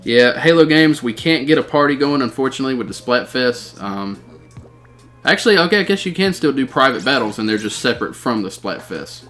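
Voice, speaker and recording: A male gaming streamer commenting live on a match, his voice at an ordinary mid-range pitch. He talks casually and excitedly, shouts out game callouts, and reads chat messages aloud. Faint game music runs underneath. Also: a little fast.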